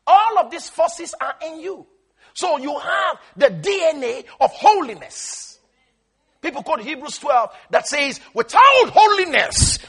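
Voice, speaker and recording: A man preaching an emphatic sermon, calling on the congregation to answer him and repeat his words. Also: very high-pitched. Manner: emphatic call-and-response preaching.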